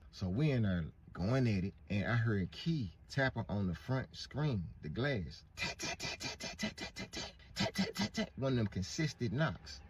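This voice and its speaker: Husky man telling a wild story. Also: sits low, a little mellow, dull audio. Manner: vivid, profane storytelling with acted-out quotes. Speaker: storyteller in a clip. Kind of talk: storytelling monologue.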